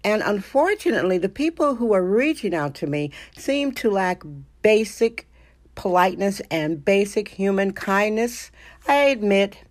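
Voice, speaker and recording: A woman's voice: medium pitch, expressive, unhurried, darkish tone. Emphatic middle-aged woman host. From Wisconsin. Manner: emphatic, opinionated, self-assured. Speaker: podcast host. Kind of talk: casual monologue.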